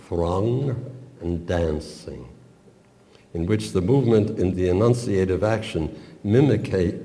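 An older man giving a measured, professorial talk on a poem, with small stumbles now and then. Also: low voice, warm tone. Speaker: literature lecturer. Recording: long reverb, roomy hall.

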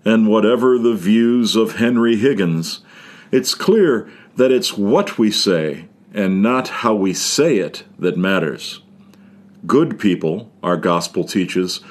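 A male preacher delivers his sermon with a measured pace and a dry, wry touch. His voice sits low but moves through a wide, lively melody.

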